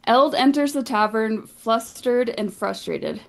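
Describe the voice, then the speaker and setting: A woman's voice: fairly high pitch, animated, slow, vocal fry. Woman casually recapping a tabletop game. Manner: casual, wry, laughs and swears.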